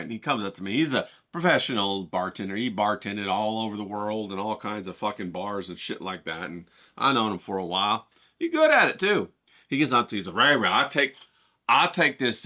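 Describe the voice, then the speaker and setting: On a cold day outdoors, a middle-aged man vlogs in a hyped, rambling way, swearing casually as he talks directly to viewers. His voice sits on the low side with a sharp tone, in casual chatty vlog fashion.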